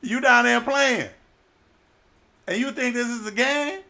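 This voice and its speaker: A man's voice: very high-pitched, big pitch swings, measured pace, fairly bright tone, exaggerated voice. A male preacher voicing frightened sailors who scold a runaway passenger, exasperated and colloquial.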